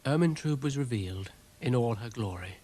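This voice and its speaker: A man's voice: mid-range voice, expressive, moderate pace, mellow. Dry, understated storybook narrator, man.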